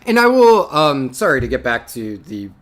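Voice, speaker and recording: A man co-hosting a podcast, chatting in a jokey, animated way about film trailers. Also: mid-range voice, moderate pace. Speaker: podcast co-host. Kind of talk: casual chat.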